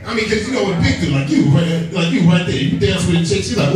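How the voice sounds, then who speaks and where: A man's voice: fairly high pitch, brisk. A man doing a profane, brash stand-up comedy set, bantering with the audience in a comedy club. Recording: echoey club room, distant mic, crowd. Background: audience laughter.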